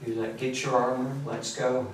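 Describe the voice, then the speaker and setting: A young man giving a police confession in a recorded interview, talking in a halting, detached way with many pauses and fillers. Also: mid-range voice, level tone. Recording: echoey room recording from far off, faint hiss.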